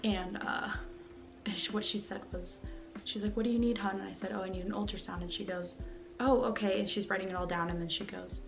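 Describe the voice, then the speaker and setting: A woman's voice: medium pitch, fairly even intonation, a little fast, vocal fry, over music. A young woman vlogging to her camera at home, talking candidly and rambling with lots of fillers. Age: young adult. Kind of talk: personal vlog talking to camera. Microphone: camera mic, talking to camera.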